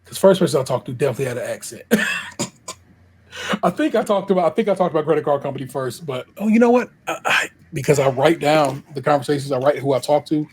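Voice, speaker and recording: Husky-voiced man telling stories. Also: a little high, fast. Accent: Ohio. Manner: animated storytelling, laughs often, acts out quotes. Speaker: podcast co-host. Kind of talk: casual chat.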